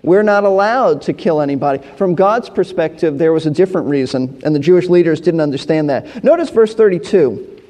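A man's voice: fairly high pitch, animated, brisk, mellow, big-room sound. A man teaching through a Bible passage verse by verse, explaining as he goes and often repeating words and restarting phrases.

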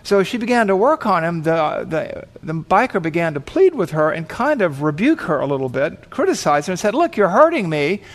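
A man's voice: on the high side, big pitch swings, a little fast, hardly any pauses. A man preaching, telling a long story vividly and acting out the voices in it. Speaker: pastor. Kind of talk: sermon storytelling.

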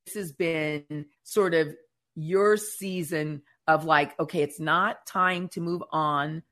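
A woman co-hosting a casual faith chat show, telling stories in an animated way and acting out what others said. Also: sits low, takes it slowly. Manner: animated storyteller who acts out quotes. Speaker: podcast co-host.

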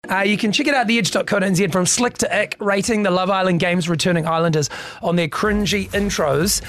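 A man's voice: high-pitched, fairly quick, a bit bright, faint music behind. A New man and radio host bantering playfully on a podcast, laughing easily. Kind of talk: casual banter.

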